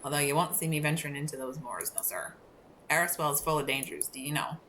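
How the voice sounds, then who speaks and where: A woman voicing a gruff, suspicious old lighthouse keeper in a put-on Scottish accent, grumbling as she reads his lines. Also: low voice, steady tone, fast talker, fairly bright tone, a little hiss or hum. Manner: grumbling, shooing strangers off.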